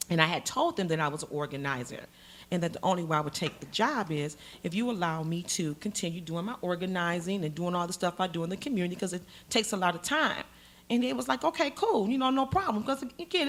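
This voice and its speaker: A middle-aged woman telling a story on stage, dramatic and animated, acting out the voices in it. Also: lowish voice. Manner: animated, dramatic, acts out every voice. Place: stage in a museum hall.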